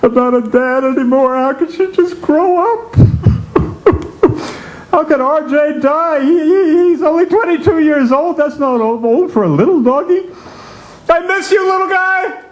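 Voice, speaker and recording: Man playing a wailing, self-pitying older guy, high and swooping. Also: wildly swooping pitch, slow pace, full character voice, rough recording. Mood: grieving. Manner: high wailing, shouting, cranky. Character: whiny self-pitying retired man, himself.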